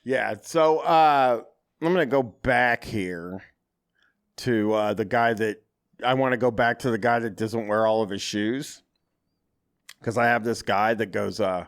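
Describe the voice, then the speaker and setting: A man hosting a casual podcast chat, reading online reviews aloud with dry, deadpan asides. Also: on the low side, a little slow.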